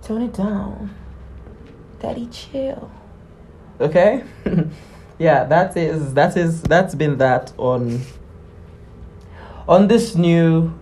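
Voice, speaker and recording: A man, hosting a podcast in a soft, low-key, reflective monologue. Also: a little hiss or hum, rough recording. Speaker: podcast host. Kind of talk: casual solo monologue.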